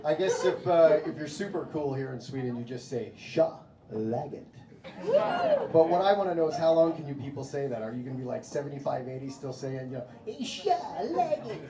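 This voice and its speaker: A man's voice: medium pitch, fast, hardly any pauses, heavy background noise. An American man performing a stand-up comedy set, telling stories in a laid-back way and putting on mock voices. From United States. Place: comedy club stage. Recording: echoey club, live crowd. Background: audience laughter.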